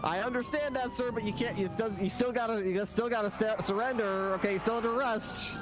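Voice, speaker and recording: A man's voice: very high voice, a little fast, background noise. A man voicing a polite, hesitant male police trooper in a game role-play, full of ums. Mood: coaxing.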